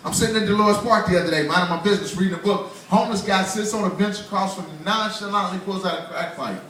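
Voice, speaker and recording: In a small bar, a man in his forties performs a loose, conversational stand-up set and laughs at his own jokes. He talks fast in a high, somewhat bright voice. Heard from far off in the roomy space, the recording carries a little hiss or hum.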